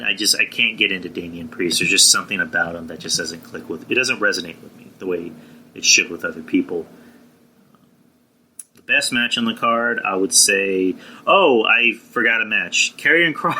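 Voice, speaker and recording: A man's voice: on the low side, bright, forceful tone, low-quality recording. A young man reviewing a wrestling show on his podcast, rambling and blunt, with frequent restarts, fillers and swearing. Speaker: podcast host.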